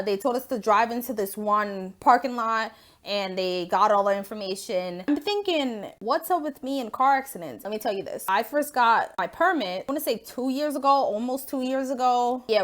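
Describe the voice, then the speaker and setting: A young woman vlogging into her phone at home, telling a story in a casual, animated way, swearing freely and acting out what people said. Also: medium pitch.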